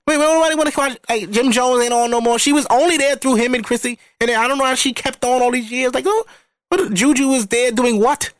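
A man on a comedy podcast, ranting crudely and rambling about reality TV, often jumping into excited outbursts. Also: very high-pitched, a little fast, no echo, clean studio sound. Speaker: podcast co-host or guest. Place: podcast recording setup.

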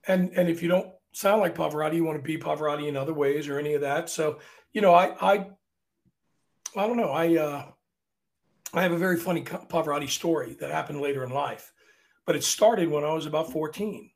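Gravelly-voiced man telling stories. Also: fairly high pitch, a little fast. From Virginia, USA. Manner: chatty, animated, often restarts sentences. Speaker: opera singer guest. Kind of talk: casual interview storytelling.

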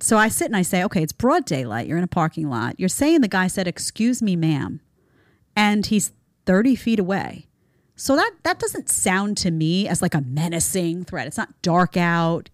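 Female show host, conversational commentator, animated delivery, low-pitched, dry studio sound. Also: moderate pace, no echo. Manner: animated, acts out quotes with put-on voices; lively, chatty. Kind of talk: casual commentary.

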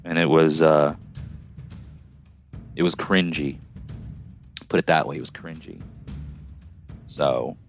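A man's voice: rumbling low, fairly even intonation, takes it slowly, long pauses, faint music behind. A man hosting his own podcast alone, rambling and joking casually with lots of fillers. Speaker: podcast host.

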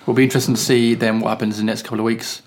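A man with a posh Kent accent hosting a football podcast, genial and quick to laugh. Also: on the low side, level tone. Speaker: podcast host.

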